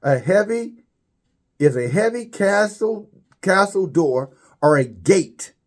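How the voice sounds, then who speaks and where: A man delivers a religious commentary in an expressive way, stumbling over and repeating words. When he drives a point home, his voice shoots upward.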